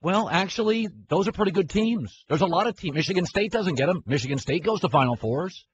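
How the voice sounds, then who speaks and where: A man's voice: sits high, animated, brisk, breathy edge. Opinionated rambling male sports host. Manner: rambling, opinionated, self-interrupting. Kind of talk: opinionated sports talk monologue. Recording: slightly muffled, faint hiss.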